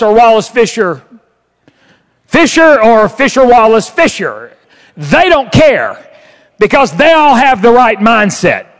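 A man preaching a sermon with emphatic, drawn-out stressed words. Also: very high voice, a bit bright. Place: church sanctuary. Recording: long hall reverb.

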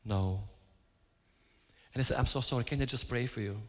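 A man's voice: mid-range voice, moderate pace. A man giving a sermon, telling stories and acting out his own quoted lines. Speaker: preacher. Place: church. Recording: hall reverb.

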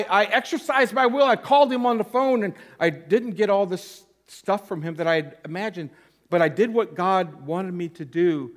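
An interim pastor gives a sermon built around his own testimony, telling stories openly and making light of himself. He stays earnest, and his voice grows soft and low at the emotional parts.

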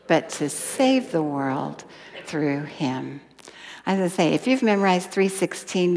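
Woman preaching in a reverberant hall. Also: lowish voice. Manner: expressive, dropping to a whisper for emphasis. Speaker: Bible teacher. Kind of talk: sermon.

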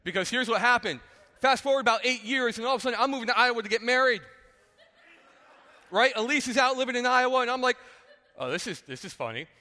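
A man's voice: very high voice, fast, in a large hall. A man in his thirties from New Jersey, a pastor preaching a sermon and telling personal stories with jokey asides and acted-out quotes. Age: 30s. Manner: animated storytelling, jokey asides, acts out quotes.

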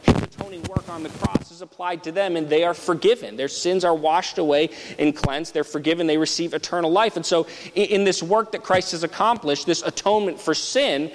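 A man's voice: fairly high pitch, fairly quick, hardly any pauses. A man teaching through a Bible passage in a conversational sermon style, often checking in with "right?". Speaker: preacher. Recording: long hall reverb with background noise.

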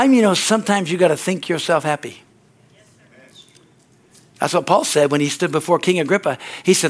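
A male pastor preaching a sermon, telling stories and repeating phrases as he builds to excited preaching. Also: on the high side, a little fast, long pauses.

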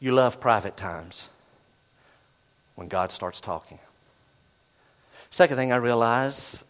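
A middle-aged man preaching a sermon, animated, swinging from loud bursts to hushed asides. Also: medium pitch. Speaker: pastor.

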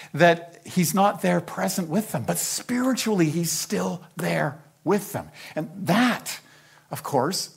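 A man's voice: on the high side, breathy edge. An older man preaching a Bible-teaching sermon, telling the story with animation and acting out the characters' lines.

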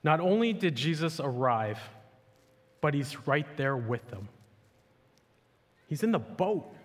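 A man's voice: a little high, big pitch swings, slow pace. A male pastor giving a sermon in a casual, conversational way, full of "like" and "you know", to a church. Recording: echoey hall with long reverb.

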